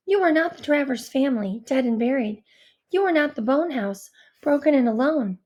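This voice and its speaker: A woman narrating a first-person audiobook with a high, light voice. Her delivery is earnest and introspective, with an anxious edge. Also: lively intonation, normal speed, darkish tone.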